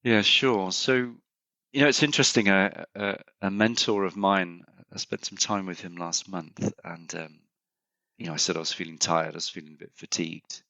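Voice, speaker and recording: A middle-aged consultant, appearing as a podcast guest, tells stories and thinks aloud in a conversational interview, restarting often. His voice is low with fairly even intonation, a sharp tone and normal speed. The recording is dry, slightly muffled and echo-free.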